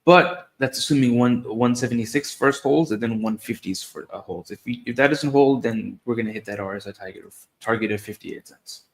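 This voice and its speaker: A man giving technical market analysis, explaining price levels in a steady, methodical way. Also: medium pitch, fairly quick, hardly any pauses. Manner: steady explanation, occasional restarts.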